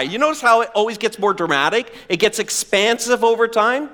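A man preaching a sermon as pastor, animated and playful, sometimes acting out whiny voices. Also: high voice, brisk, few pauses.

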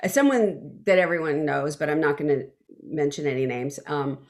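A woman's voice: sits low, moderate pace. A woman singer telling her story in an interview, acting out quotes, with many fillers and restarts. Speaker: guest, backing vocalist.

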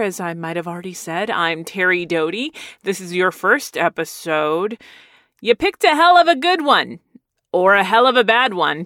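A woman's voice: on the low side, a bit bright, clean tone, no room sound, studio quality. A woman hosting a solo podcast, chatting in a rambling casual way and laughing often. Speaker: podcast host.

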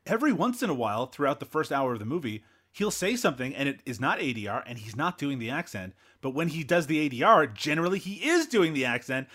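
A man's voice: medium pitch, sing-song, fast talker, fairly bright tone. A Canadian man hosting a casual movie review podcast, teasing his co-hosts and laughing often. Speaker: podcast host.

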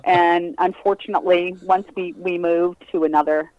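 A woman's voice: fairly low pitch, moderate pace, dry recording, lo-fi sound. An older woman telling funny stories in a casual interview, laughing often as she talks. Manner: lively, laughing storyteller. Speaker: guest, host's mother.

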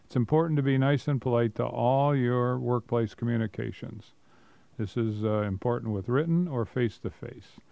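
A man's voice: mid-range voice, normal speed, gravelly, dark tone, dry recording. A man co-hosting a business talk show, reading out points and commenting on them wryly. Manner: reads points aloud, then comments wryly. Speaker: co-host. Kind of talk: casual radio talk.

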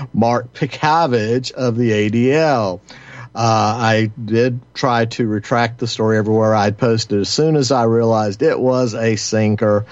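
A man filling in as a radio host, talking in a halting monologue full of filler pauses, with a sardonic edge. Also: medium pitch, dry recording. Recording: dry, slightly muffled lo-fi sound.

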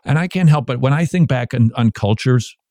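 Man, Christian radio talk host, lively pitch, dry close studio sound, animated delivery with quoted asides. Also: fairly quick, dry recording.

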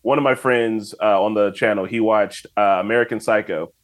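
A man chatting as a podcast guest, telling lively stories and acting out what his friends said. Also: fairly low pitch. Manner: fast animated storytelling with put-on quotes. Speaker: guest, YouTube reaction channel host. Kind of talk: casual podcast chat.

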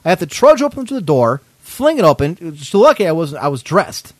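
A man's voice: a little high, sing-song, a little fast, no echo. A man hosting a podcast, telling a story in a casual, indignant way, swearing often. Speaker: podcast host.

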